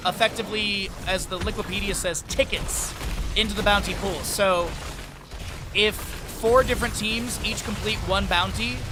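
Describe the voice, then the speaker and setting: High-pitched guy casting esports live, calling fights, music going underneath. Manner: rapid play-by-play calls with chatty asides to chat. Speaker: esports caster. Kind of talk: live esports play-by-play commentary.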